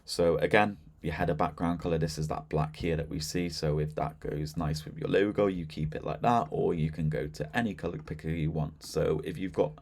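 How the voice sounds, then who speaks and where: A man with a notably deep, low-pitched voice talks through a software demo in an easy, conversational way. He fills gaps with "um" and "so yeah" and never sounds scripted. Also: a little fast, gravelly, few pauses. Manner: relaxed and chatty, with frequent fillers and "so yeah". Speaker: software demonstrator. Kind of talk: casual screen-share product walkthrough.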